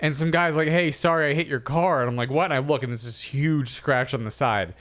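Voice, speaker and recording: A man in his thirties co-hosting a comedy podcast, telling stories in a casual, animated way and acting out quotes. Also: a little high, brisk. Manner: animated storyteller, acts out quotes. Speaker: podcast co-host.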